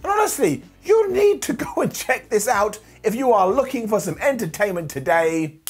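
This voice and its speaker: A man's voice: big pitch swings, normal speed, soft background music. A man who has lost his voice, reviewing a wrestling show in a jokey, theatrical way. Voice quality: husky. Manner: theatrical, jokey, big swings in pitch. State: hoarse, lost voice. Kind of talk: animated review monologue.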